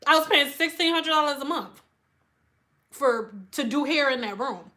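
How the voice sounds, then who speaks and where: A woman's voice: high-pitched, expressive, normal speed, pushed and bright. A woman hairstylist chatting on a live stream, speaking bluntly and emphatically and acting out her customers' lines in an exaggerated voice. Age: adult with school-age children. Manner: acts out quoted customers in an exaggerated voice. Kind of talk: casual live-stream chat.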